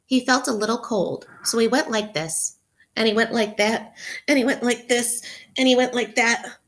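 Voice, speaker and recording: A woman teacher reading a picture book aloud to children, expressively, pausing to ask them questions. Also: a little high, a bit bright. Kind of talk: interactive read-aloud for children.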